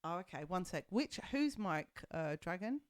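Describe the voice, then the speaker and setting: A woman's voice: on the low side, sing-song, normal speed, smooth, no room sound, studio quality. A woman hosting a live stream, chatting casually and laughing often. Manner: chatty, laughs often, fiddles with audio settings. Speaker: streamer host. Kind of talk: casual chat. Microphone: desk mic.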